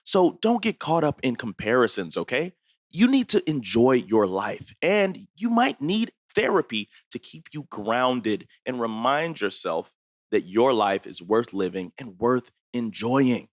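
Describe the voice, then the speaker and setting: A man reads a host-read sponsor ad, his pitch rising and falling a lot. The sound is dry and close, and his delivery is earnest and friendly. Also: very animated, measured pace, dry recording. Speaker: podcast co-host reading an ad.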